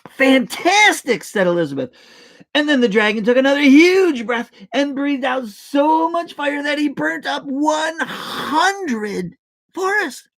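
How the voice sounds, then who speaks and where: Woman reading a storybook aloud to kids, very expressive, slow and deliberate, playful hushed asides. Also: high voice, vocal fry. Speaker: children's book reader. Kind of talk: reading a picture book aloud to children.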